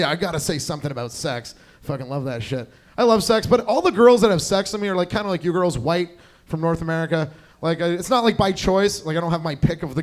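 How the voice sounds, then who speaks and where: A young man doing a crude, rambling stand-up set, chatting with the crowd on a club stage. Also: high-pitched. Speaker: stand-up comedian.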